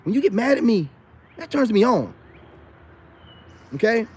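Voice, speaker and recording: A man's voice: very high voice, very animated, unhurried, husky. A man talking casually to his camera, rambling and teasing, with slang and flirty crooning asides. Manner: rambling, teasing, slangy, repeats "you know what I'm saying". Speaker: vlogger.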